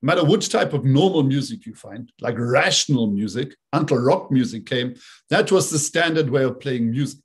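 A man's voice: mid-range voice, lively intonation, normal speed, slightly rough. A man presenting a talk, explaining rhythm and imitating beats with sung syllables. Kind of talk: talk with played video clips.

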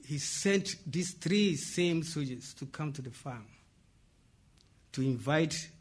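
A man's voice: on the high side, expressive, slow, husky. A man preaching a sermon and telling a story, breaking in with "praise God" and asking the congregation to fill in the words. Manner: call-and-response, asks "what?" for the congregation to fill in; interjects "praise God" and "amen".

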